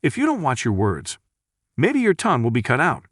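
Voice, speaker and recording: A man voicing a calm, coldly threatening young nobleman in a recap story. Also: mid-range voice, normal speed, no room sound, clean studio sound.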